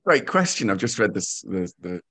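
A man co-hosting a podcast, chatting casually in a deadpan, self-mocking way. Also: on the low side, normal speed. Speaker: podcast co-host. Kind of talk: casual banter.

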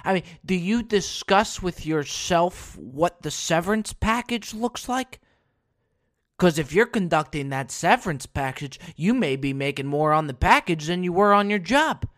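Animated man hosting a comedy podcast. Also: unhurried. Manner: animated storyteller, swings from loud bursts to low asides; blunt, swears casually. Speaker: podcast host. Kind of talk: comic solo podcast monologue.

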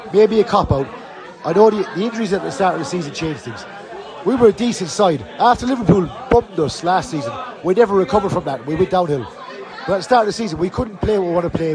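A man with a notably high voice rants bluntly after a match, swearing freely and sounding fed up. A faint crowd murmurs behind him. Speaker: fan podcast host. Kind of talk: post-match fan rant. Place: outdoors and in a bar around the match.

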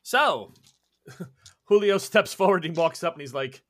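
A man's voice: fairly high pitch, expressive, unhurried, fairly bright tone. A man narrating a tabletop game as game master, playful and often laughing.

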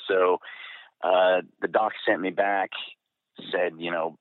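A man's voice: low-pitched, flat delivery, takes it slowly, long pauses, no room sound. A middle-aged man, a pararescue veteran, telling his story candidly in an interview, rambling with fillers and restarts. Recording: dry, phone-like narrow sound.

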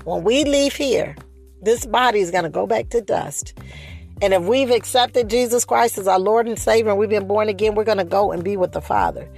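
A woman preaching a sermon, speeding up and slowing down, stressing and repeating her phrases. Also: mid-range voice, vocal fry, darkish tone, breathy edge, soft background music. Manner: preaching with shifting pace, rising emphasis and repeated phrases.

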